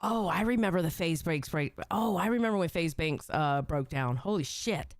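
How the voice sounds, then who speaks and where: A woman's voice: on the low side, expressive, normal speed, dry recording, studio quality. A woman streamer reacting to clips in a chatty way, exclaiming and swearing freely.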